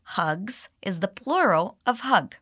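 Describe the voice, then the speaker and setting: A woman teaching English, explaining dialogue lines and modeling them slowly for learners to repeat. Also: mid-range voice, lively intonation, fairly bright tone, dry recording, studio quality. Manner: clear, slow modeling of phrases with exaggerated intonation. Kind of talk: English lesson with repeat-after-me drills.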